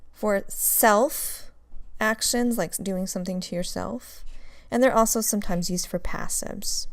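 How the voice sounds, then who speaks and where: A woman's voice: medium pitch, gravelly, no room sound. A woman teaching a recorded grammar lecture, explaining step by step and drilling examples. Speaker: Russian language teacher.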